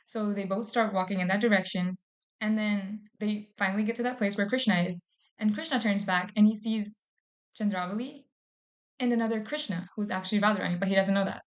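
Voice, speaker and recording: A woman's voice: medium pitch, steady tone, a little fast. A woman retelling a devotional story in a casual, chatty way, with plenty of fillers. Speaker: devotee speaker.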